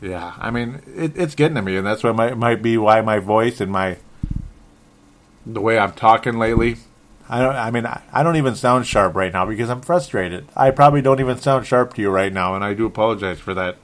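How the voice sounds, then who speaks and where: A man's voice: on the low side, fairly quick. Frustrated, rambling man talking sports. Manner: frustrated, rambling, self-correcting with chuckles. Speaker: sports talk host. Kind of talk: solo sports podcast commentary.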